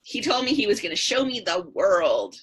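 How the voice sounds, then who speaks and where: A woman's voice: medium pitch, sing-song, moderate pace, husky. A middle-aged woman, a podcast guest, earnestly recounting her past in a repetitive storytelling rhythm. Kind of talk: personal story in interview.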